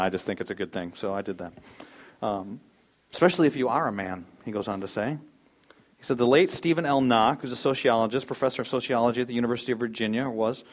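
A man preaching a sermon as pastor to his church, reading scripture and pressing his points with emphatic, rising exhortation. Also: medium pitch.

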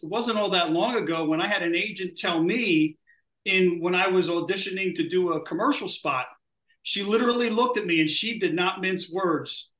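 A man's voice: high-pitched, a bit bright. A man with a Delaware County Pennsylvania accent co-hosting a podcast, chatty and laughing easily. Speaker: podcast co-host. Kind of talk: casual podcast chat. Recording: roomy echo.

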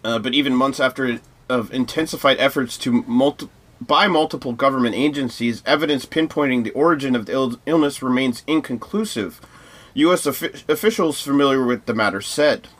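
A man's voice: medium pitch, brisk, fairly bright tone. A man co-hosting a podcast, reading news items aloud with many fillers and restarts in casual discussion. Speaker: podcast co-host.

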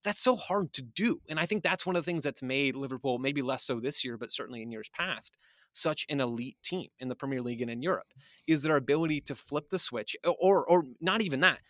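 A man's voice: mid-range voice, brisk, a bit bright, no room sound, clean studio sound. A man talking as a guest analyst on a podcast, thoughtful and speculative, often restarting his sentences.

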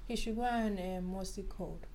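A woman's voice: mid-range voice, moderate pace, crowd noise. A woman with a nasal voice co-hosting a podcast in casual chat, blunt and opinionated, repeating her point. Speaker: podcast co-host.

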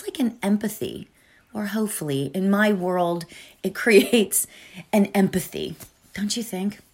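A woman's voice: mid-range voice, a little mellow. A woman giving an earnest, emotional talk before a guided meditation, often asking "right?".

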